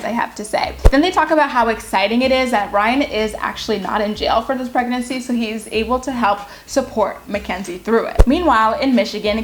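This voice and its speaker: A woman's voice: fairly high pitch, slight background noise. A young woman casually recapping a reality show, candid and gossipy, with lots of filler words.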